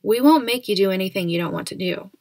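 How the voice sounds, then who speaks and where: A protective, easygoing father who speaks softly, read by a woman in a storybook reading. Her voice has a gravelly edge, and the sound is dry and close. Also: medium pitch, animated, fast, no room sound, natural voice. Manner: soft, soothing.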